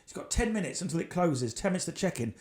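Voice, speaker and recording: A man's voice: fairly high pitch, sing-song, fast, a little mellow. A man voicing a weary female airline check-in clerk who speaks curtly and matter-of-factly. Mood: flat.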